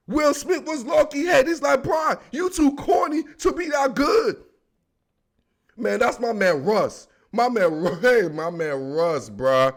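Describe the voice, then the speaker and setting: A young man giving a solo football recap, talking in excitable, joking slang. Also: high-pitched, vocal fry. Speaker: sports commentator.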